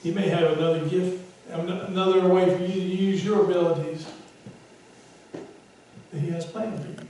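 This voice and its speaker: A male pastor preaching a sermon with a conversational, self-deprecating manner, sometimes rising to loud emphasis. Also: high voice, fairly even intonation, moderate pace, heavy reverb, far from the mic, a little hiss or hum, rough recording. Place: church sanctuary.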